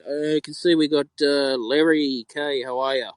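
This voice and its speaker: A man's voice: on the high side, steady tone, normal speed, hardly any pauses, clear, resonant tone, dry recording, poor audio. An Australian man hosting a podcast alone, rambling in frustration and repeating himself. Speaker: podcast host. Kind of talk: solo opinion talk.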